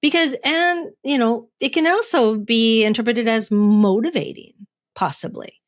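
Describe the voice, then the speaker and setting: This coach, a middle-aged woman, reflects alone on her podcast in a conversational style, questioning listeners and laughing at herself. Her voice is on the high side with a measured pace, captured in a dry, studio-quality recording.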